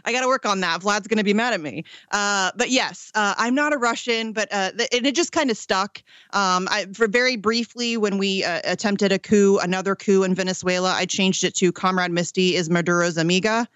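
A woman's voice: mid-range voice, brisk, few pauses, fairly bright tone, no echo. A woman from Ohio, a political activist, talking casually as a radio guest, with lots of ums and restarts. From Ohio, USA. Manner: chatty, many ums and restarts, laughs often.

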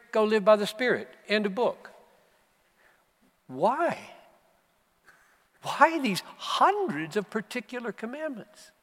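A man in his seventies with an American accent, preaching a sermon at a conference and swinging from low, quiet stretches up to emphatic, passionate peaks. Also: long reverb tail. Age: 70s. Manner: impassioned, surging to emphatic peaks then dropping low. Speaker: pastor. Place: conference hall.

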